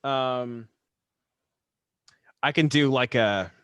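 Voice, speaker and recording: A man guesting on a casual podcast, hesitant and soft-spoken, laughing often. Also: medium pitch, drawn-out words, clear, resonant tone, no echo, muffled recording. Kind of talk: casual chat.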